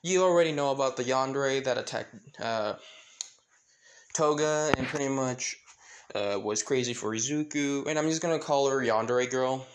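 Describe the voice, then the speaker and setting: A man's voice: mid-range voice, normal speed, a little hiss or hum. A man casually narrating a fan story, rambling with lots of fillers. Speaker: channel host and narrator.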